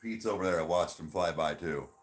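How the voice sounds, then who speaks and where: A man co-hosting a casual podcast, talking loosely and swearing, switching between a chirpy service voice and a flat low one. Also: a little fast. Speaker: podcast co-host; bartender.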